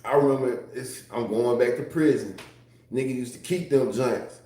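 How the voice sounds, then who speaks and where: A man talks loosely to his livestream audience in a heavily echoing room, swearing freely and often breaking into laughter. His voice sits at an ordinary pitch for a man, and the talk wanders between stories and reading chat. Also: moderate pace, mellow. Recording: very echoey room.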